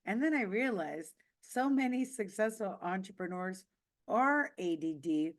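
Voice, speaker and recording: A middle-aged woman and public speaking coach giving a webinar talk. She shifts between hushed, confessional storytelling and lively, emphatic coaching. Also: medium pitch, a little slow.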